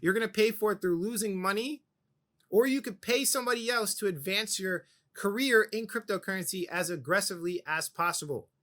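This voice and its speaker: A man's voice: sits high, fairly quick, sharp tone. A young man hosting a crypto channel, talking straight to the camera in an urgent, emphatic way, repeating his points for stress. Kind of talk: direct-to-camera pitch.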